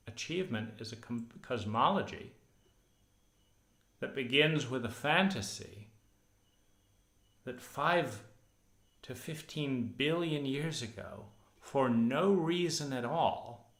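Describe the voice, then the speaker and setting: A man's voice: medium pitch, a bit bright. A male therapist giving a sardonic monologue, acting out weary inner voices. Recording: roomy echo.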